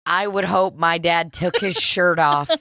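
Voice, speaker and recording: A woman with a St. trades stories on a comedy podcast, blunt and profane, breaking into laughter often. Her voice is bright and forward, recorded close and dry. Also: lowish voice, measured pace, no echo. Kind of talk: casual comedic chat.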